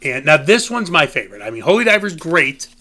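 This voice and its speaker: A man's voice: a little high, sing-song, fairly quick, bright, forceful tone. A man hosting a casual music commentary, talking in a rambling, opinionated way and often saying "you know" and "um". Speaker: host.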